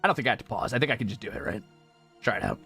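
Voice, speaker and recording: A man's voice: mid-range voice, racing, creaky, bright, forceful tone, husky, faint music behind. A young man streaming a game, chatting playfully with viewers and joking around, sometimes muttering to himself while he types. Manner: playful, joking, drifts into mumbling while typing. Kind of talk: casual gaming livestream chat. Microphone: close streaming mic.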